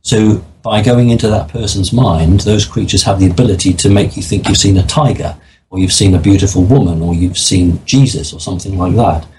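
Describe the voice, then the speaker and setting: A man with a very low voice answers an interviewer's questions, laying out his views in an earnest, matter-of-fact way. A faint hiss sits under the recording. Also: fairly quick, darkish tone, low-quality recording. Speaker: interview guest. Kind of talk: interview conversation.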